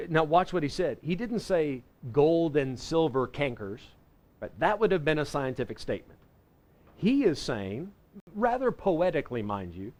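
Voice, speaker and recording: A man teaching a Bible lesson in a folksy, conversational way, slowing down to read scripture verses. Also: a little high, a little mellow. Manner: folksy and conversational, reading scripture slowly and deliberately; self-correcting with frequent restarts. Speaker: pastor teaching a Bible class.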